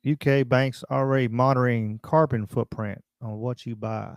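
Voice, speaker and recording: A man's voice: mid-range voice, fairly even intonation, normal speed, clear, resonant tone, dry recording, clean studio sound. A man hosting a casual livestream talk show, blunt and rambling as he reacts to viewer comments. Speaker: podcast host.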